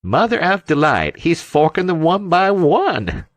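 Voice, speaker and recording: A boisterous sailor roars and blusters at his crewmates, voiced by a male reader. His voice rides high and loud, and the sound is dry and close. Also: very animated, moderate pace, dry recording, lightly acted. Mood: howling. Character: boisterous roaring sailor on a fishing schooner.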